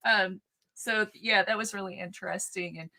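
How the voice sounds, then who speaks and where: A woman's voice: mid-range voice, steady tone, moderate pace, gravelly, sharp tone. A woman co-hosting a live chat show, chatting and reading out viewer questions. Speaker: co-host.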